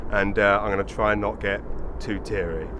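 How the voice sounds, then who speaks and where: A man's voice: lowish voice, steady tone, brisk, noisy background. An English man doing stand-up comedy, brash and swearing as he teases the crowd, then chatting on the road as host. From England. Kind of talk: stand-up comedy and travel vlog. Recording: echoey, from far off, music behind.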